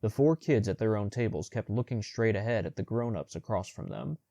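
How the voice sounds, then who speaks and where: A man narrating a young adult audiobook in the first person with steady, measured storytelling. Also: on the low side, creaky, no echo, dull audio.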